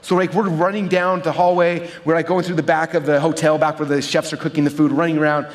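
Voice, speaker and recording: A man's voice: fairly high pitch, little pitch movement, fast talker. A man giving a live seminar talk to an audience, telling stories energetically and checking in with his listeners. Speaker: seminar speaker teaching marketing.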